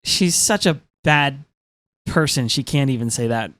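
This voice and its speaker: Excitable, filler-heavy podcast co-host. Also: medium pitch, unhurried, no room sound. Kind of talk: casual chat recapping an episode.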